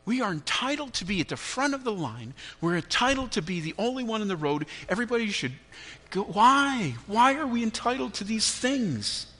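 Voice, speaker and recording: A middle-aged male pastor preaches with a high, bright voice that climbs and dips all over the place. He acts out his own irritations with animated flair, then drops to a quiet, earnest tone. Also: normal speed. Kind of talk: sermon.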